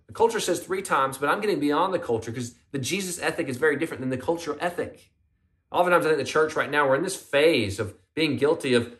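A man with a high-pitched voice preaching a sermon. He tells the story in a conversational, questioning way and puts some emphasis into the characters' quoted lines. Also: a bit bright. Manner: conversational, asks the congregation questions. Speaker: pastor.

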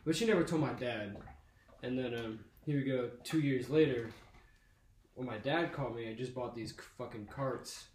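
A young man tells a story in a loose, profanity-heavy way, jumping into the voices of the people in it. His voice sits at an ordinary pitch. The room sounds echoey, with a faint hiss under it. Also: moderate pace, darkish tone. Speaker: podcast host. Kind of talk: casual storytelling.

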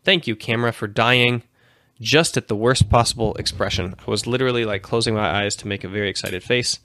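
A man in his thirties hosts a livestream, talking loosely and often correcting himself mid-sentence. His voice sits on the low side, recorded dry and close. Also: brisk, bright, forceful tone, no room sound. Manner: rambling, self-correcting, informal. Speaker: host. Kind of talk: casual livestream chat.

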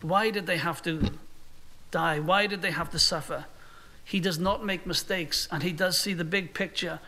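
Male pastor, earnest sermon delivery, high and ringing tone. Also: steady tone, moderate pace, sharp tone. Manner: earnest, voices imagined speakers in quotes.

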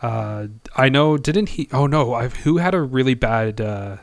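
A man chatting on a sports podcast, with a middle-pitched voice. He rambles, fills gaps with "uh" and pokes fun at himself. The sound is dry and close. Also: vocal fry, no echo. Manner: rambling, halting, self-deprecating. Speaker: podcast co-host. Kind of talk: casual sports podcast chat.

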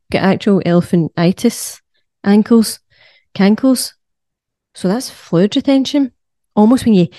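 A woman's voice: on the low side, warm tone, no room sound, clean studio sound. A young woman hosting a casual wellness podcast, sweary and jokey with playful sung asides. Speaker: podcast host, wellness coach. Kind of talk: casual solo podcast talk.

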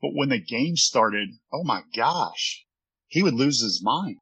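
A former baseball pitcher telling an earnest, rambling story from his office during an interview. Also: sing-song, takes it slowly, fairly bright tone, husky, rough recording.

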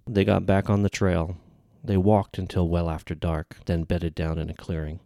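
Deep gravelly male audiobook narrator. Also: flat delivery, moderate pace, warm tone, dry recording, clean studio sound.

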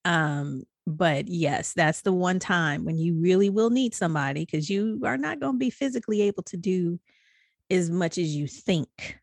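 A woman's voice: lowish voice, dry recording. A woman co-hosting a podcast in casual chat, telling her own story candidly and animatedly. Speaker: podcast co-host.

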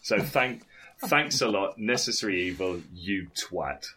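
A man's voice: fairly low pitch, expressive, a little slow, bright, forceful tone, slightly rough. A man co-hosting a gaming podcast, joking around, swearing freely and laughing often. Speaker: podcast co-host. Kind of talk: casual gaming chat.

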